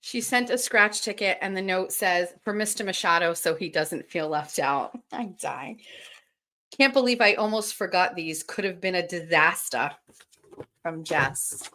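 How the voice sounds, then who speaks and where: A woman hosting a casual livestream, excitedly opening gifts and chatting to her viewers while swearing freely. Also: on the low side, unhurried. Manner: excitable, swears often, laughs and gasps. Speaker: livestream host.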